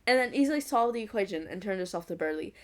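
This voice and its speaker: A young woman reading a fan fiction aloud at an ordinary pitch. She keeps breaking off with giggly, mocking asides about the story. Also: expressive, fast. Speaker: fanfic reader.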